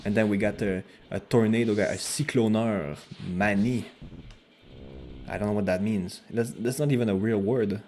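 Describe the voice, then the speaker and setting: Animated joking male streamer, low voice. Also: moderate pace, a little hiss or hum. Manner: animated, joking, swears casually. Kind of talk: casual stream chat.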